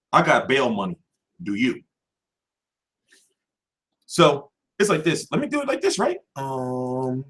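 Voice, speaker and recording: A man hosting a boxing channel, delivering a brash, profanity-heavy rant straight to camera. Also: medium pitch. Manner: brash and animated, swears constantly.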